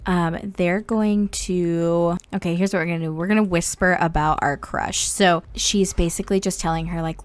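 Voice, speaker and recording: A woman from Indiana giving bubbly, excitable, casual commentary on a life-sim game as the channel's host. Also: fairly low pitch, normal speed, few pauses.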